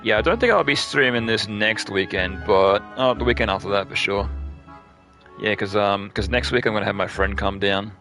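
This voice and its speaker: A man casually chatting while playing a game on stream, relaxed and a bit salty. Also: on the low side, moderate pace. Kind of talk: casual let's play chat. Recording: game music behind.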